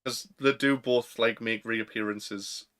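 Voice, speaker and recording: A man's voice: mid-range voice, steady tone, measured pace, a bit bright. Chatty young Northern English man. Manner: chatty, laughs often, fillers. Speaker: podcast co-host. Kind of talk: casual chat.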